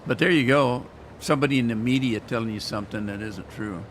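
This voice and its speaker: A medium-pitched man talks fast over a little hiss or hum while hosting his gaming channel. He rambles in a folksy, casual way as he plays, giving let's-play commentary.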